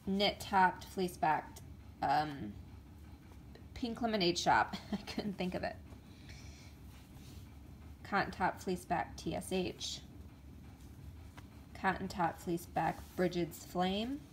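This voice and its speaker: A woman's voice: fairly low pitch, takes it slowly, long pauses, a little hiss or hum. A woman chatting casually to camera in a show-and-tell vlog, stumbling over names and filling gaps with ums. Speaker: vlogger.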